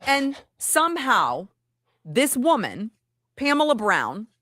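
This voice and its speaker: A woman gives indignant commentary with a sarcastic edge. Her pitch rises and falls in a lively way. The recording is dry and close. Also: slow, no room sound. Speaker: online video commentator. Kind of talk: commentary video played on stream.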